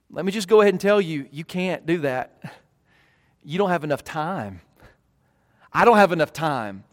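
A man's voice: sits high, long reverb tail. A man preaching as a pastor, earnest, with emphatic rising peaks and frequent restarts. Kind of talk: sermon. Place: church.

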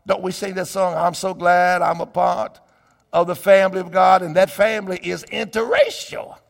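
A middle-aged male pastor preaching a sermon, swinging between hushed asides and shouted climaxes. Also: high-pitched, steady tone, normal speed, gravelly. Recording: long reverb of a church hall.

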